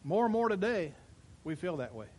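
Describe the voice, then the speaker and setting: A pastor preaching a sermon, swinging between loud emphatic declarations and quiet asides while addressing his congregation in church. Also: high voice, very animated, normal speed, slightly rough.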